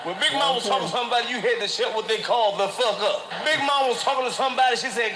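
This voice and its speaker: A man telling a crude comic story loudly, shouting and laughing as he goes. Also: very high-pitched, rapid-fire, few pauses, echoey room, background noise. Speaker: comedian on a played clip. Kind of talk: profane stand-up storytelling.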